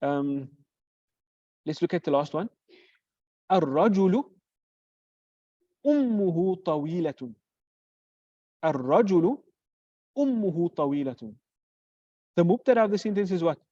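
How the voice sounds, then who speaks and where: A teacher giving a grammar lesson who poses questions and answers them, repeating example phrases slowly. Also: mid-range voice, animated, dark tone, no echo. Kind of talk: classroom lecture. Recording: dull lo-fi recording.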